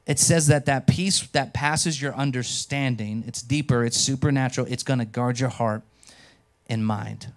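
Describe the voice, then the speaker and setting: A pastor preaching a sermon, telling stories with animation and speaking directly to the congregation. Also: male voice, medium pitch, normal speed. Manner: animated storytelling, acts out quotes. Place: church.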